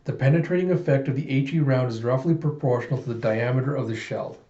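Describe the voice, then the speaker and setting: A man reading a comic book aloud in a casual, excitable way, narrating the panels. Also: mid-range voice, fast talker, echoey room, muffled recording. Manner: casual, excitable, laughs often. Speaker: comic reader.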